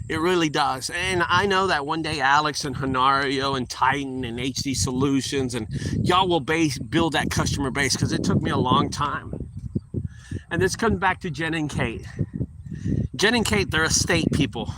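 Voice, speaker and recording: A middle-aged man who owns a junk removal business rambles and repeats himself while giving casual advice, briefly acting out short exchanges with customers. His voice is fairly high at normal speed, and the recording is very noisy.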